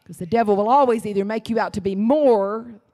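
A woman preaching a sermon in a church. She tells her story dramatically, dropping to whispers and jumping to high cries. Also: a little fast, mellow. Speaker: guest preacher.

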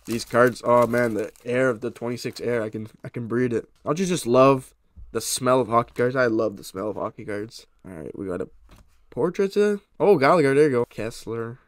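A man's voice: medium pitch, moderate pace, no room sound, studio quality. Chatty young man opening card packs. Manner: excited, chatty, talks to viewers. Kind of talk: casual pack-opening commentary.

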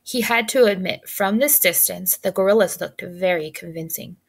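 A woman narrating a children's storybook in a gentle, clear read-aloud delivery. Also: fairly low pitch, normal speed.

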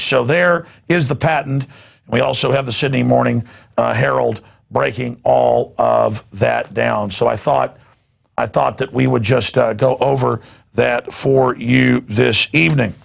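A man's voice: medium pitch, creaky, husky. A man hosting a news commentary show, ranting sarcastically in a rambling way with laughing asides. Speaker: host.

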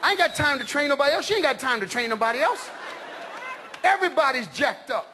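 Middle-aged male stand-up, very high voice, loud live crowd laughing behind him. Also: fast, a little hiss or hum. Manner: loud, animated, shouting punchlines. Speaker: stand-up comedian. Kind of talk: stand-up comedy routine. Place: large comedy stage before a live audience.

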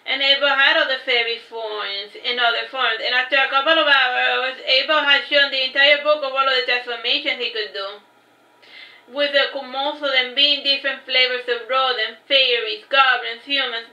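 A woman's voice: high voice, fairly even intonation, normal speed, bright, forceful tone, echoey room, dull audio. A woman reading her own fantasy novel aloud, unpolished, with frequent restarts and asides.

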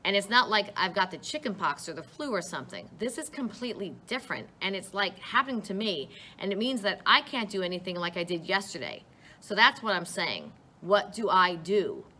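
A woman's voice: medium pitch, sing-song, fairly quick, pushed and bright, a little hiss or hum. A woman voicing a frustrated, mouthy fifteen-year-old boy who talks back to his parents. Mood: pleading. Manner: sarcastic, exasperated, talks back.

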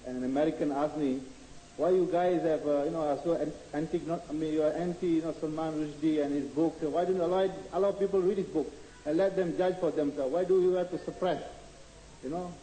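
A man in the audience of a lecture, asking his question haltingly with many fillers. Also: fairly high pitch, fairly even intonation, warm tone. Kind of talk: question from the floor. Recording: echoey hall with faint hiss, archive tape.

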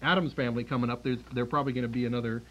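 A man hosts a public access cable show, joking and laughing through casual chat and mock announcing, with stumbling restarts along the way. His medium-pitched voice is steady and a bit bright but racing, on a lo-fi 1990s cable tape with faint hiss.

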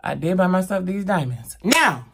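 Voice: medium pitch, big pitch swings, normal speed, vocal fry, noisy background. A vlogger ranting to camera in a heated, emphatic and profane way, blunt and full of slang. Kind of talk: impassioned rant to camera.

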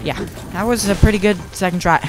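A young man giving casual, excitable commentary on his own gameplay, self-mocking and prone to repeating himself. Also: high voice, fast talker, over music. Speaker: gaming YouTuber.

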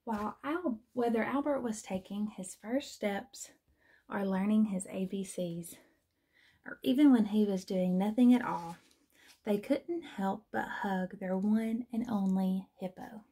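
A woman teacher reading a children's storybook aloud in a gentle, expressive manner. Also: mid-range voice, unhurried, husky.

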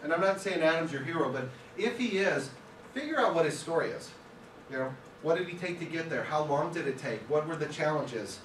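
Speaking as a guest to a film school class, a man tells stories in a relaxed, conversational lecture. His voice is on the high side, expressive, brisk and fairly bright; the echoey room and distant mic add a little hiss or hum.

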